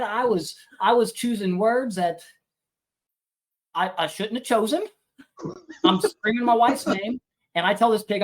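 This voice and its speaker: Man, homesteader guest, casual storytelling, self-deprecating, animated. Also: sits high.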